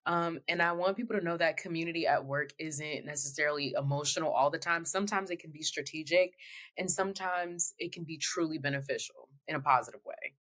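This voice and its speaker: A woman from the United States who is a guest on a podcast, speaking in a low voice. She tells her personal story in an earnest, heartfelt and candid way. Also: a little fast, fairly bright tone.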